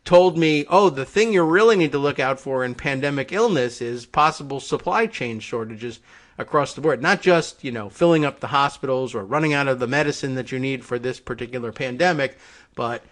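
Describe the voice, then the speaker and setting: A man's voice: medium pitch, brisk. A man co-hosting a political talk show, chatting casually and often trailing off with short agreements. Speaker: co-host.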